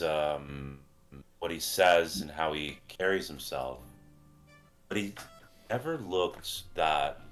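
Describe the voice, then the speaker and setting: A man's voice: very deep voice, a bit bright. A man playing in a tabletop game, describing his character in a hesitant, thoughtful way. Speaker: player. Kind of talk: casual role-play storytelling.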